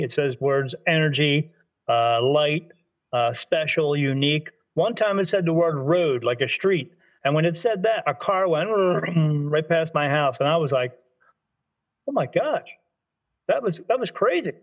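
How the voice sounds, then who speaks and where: A spirit medium from Delaware, USA, tells a story in conversation in a voice on the high side, recorded with dull audio. He is an animated storyteller who acts out quoted dialogue and often restarts his sentences.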